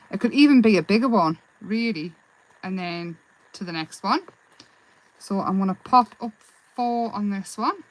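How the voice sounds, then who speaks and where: A woman hosting a live craft demonstration, chatting in a relaxed, rambling way and answering viewers' comments as she works. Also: mid-range voice, low-quality recording. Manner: relaxed, self-deprecating. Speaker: craft livestream host.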